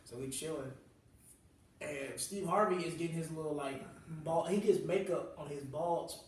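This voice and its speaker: A young comedian from the Southern US spins casual stories in loose slang, laughing as he goes. His voice sits a little high and rings out in an echoey room, heard from some distance away. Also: moderate pace, slight background noise. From Southern US, New Orleans. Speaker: comedian host.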